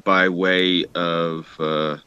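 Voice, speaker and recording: This New York-accented podcast co-host speaks extremely slowly in a low, level, pushed and bright voice. His casual chat rambles hesitantly, packed with fillers and swearing. The highs are cut off, and there's slight background noise.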